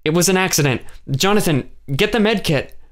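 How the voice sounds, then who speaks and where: A man's voice: high voice, animated, fairly quick, fairly bright tone, pitched above the performer's own voice. Man voicing a composed young woman, firm and practical, audiobook part. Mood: firm, worried.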